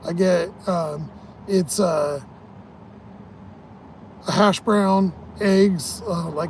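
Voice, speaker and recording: Man, casual vlog ramble, swears a lot, gravelly, fairly high voice, tired. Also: a little hiss or hum. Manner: profane, rambling, laughs at his own jokes. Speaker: vlogger.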